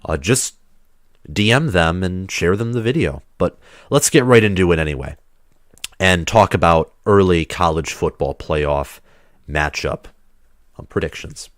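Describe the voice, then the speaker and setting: Deep-voiced sick man chatting on a livestream. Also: a little slow, no echo, studio quality. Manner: rambling, chatty, loose restarts. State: sick, under the weather. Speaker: livestream host. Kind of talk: casual livestream chat.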